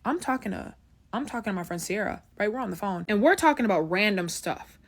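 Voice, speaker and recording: A woman's voice: mid-range voice, animated, fast. A young woman telling a story in a casual, chatty way, often checking in with the listener. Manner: chatty, keeps asking "right?".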